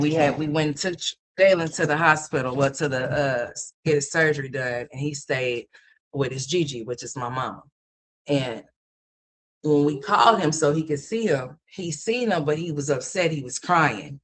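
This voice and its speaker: Rambling mom chatting on a livestream. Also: female voice, sits low, a bit bright. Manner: rambling, repetitive storytelling with restarts; addresses viewers as y'all and honey. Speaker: livestream host and mother. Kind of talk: casual livestream chat.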